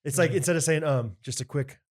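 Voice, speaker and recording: A man co-hosting a casual podcast, talking in a loose, rambling way full of "like" and filler words. His voice sits fairly high for a man. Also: quick pace, a crowd in the background. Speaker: podcast co-host. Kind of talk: casual chat.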